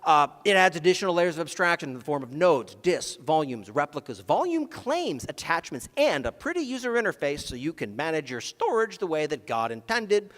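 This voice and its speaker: Male speaker on a conference stage, dry sarcastic wit, very animated delivery, reverberant hall sound. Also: a little high, a little fast, hardly any pauses. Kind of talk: comedic technical talk. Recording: long reverb of a large hall.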